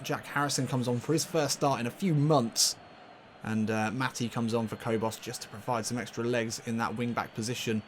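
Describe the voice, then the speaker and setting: A man commentating casually on his own football video game match, getting loudly excited and laughing at near misses. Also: medium pitch, a little hiss or hum. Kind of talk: casual let's-play commentary.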